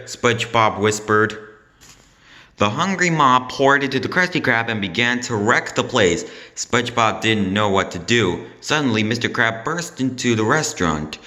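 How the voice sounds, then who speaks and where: A man's voice: on the low side, lively intonation, sharp tone. Man reading a children's storybook aloud. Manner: plain, measured read-aloud with small slips.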